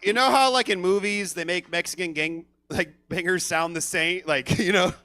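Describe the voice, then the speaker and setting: A man emceeing a comedy show, loudly hyping up the crowd between acts. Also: sits high, moderate pace. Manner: loud, hyped-up, cheering the crowd on. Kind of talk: introducing comics on stage.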